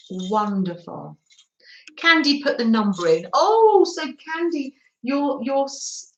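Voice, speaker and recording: An English woman chats through a crafting livestream, gushing over everything and laughing softly. She talks slowly at a middle pitch. Her voice rings in an echoey room. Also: a little hiss or hum. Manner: chatty, gushing with frequent little laughs. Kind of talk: live-stream crafting chat.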